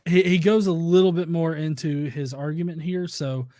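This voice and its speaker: Soft-spoken man, hesitant, dry sound. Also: fairly high pitch, fairly even intonation, no echo. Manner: measured, hesitant, with many fillers. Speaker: podcast guest. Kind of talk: casual discussion.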